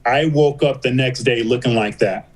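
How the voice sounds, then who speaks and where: A middle-aged man talks candidly as a guest on a podcast, his voice at an ordinary middle pitch. He tells his story by replaying what was said, slipping into other people's lines in quick back-and-forth exchanges. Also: poor audio. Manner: retells dialogue with doctors in quoted back-and-forth.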